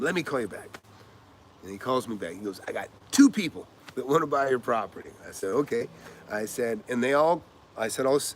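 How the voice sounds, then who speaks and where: An older man talking through his experience in a loose, energetic monologue. He rambles, fills pauses with uhs and acts out what other people said. His voice sits at a middle pitch, with a faint hum of background noise. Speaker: real estate investor. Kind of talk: casual advice monologue with anecdotes.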